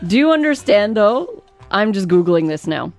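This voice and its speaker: A woman's voice: medium pitch, big pitch swings, a little mellow, no echo, faint music behind. Teasing woman co-host, dry studio sound. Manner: teasing, quick interjections. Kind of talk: casual chat.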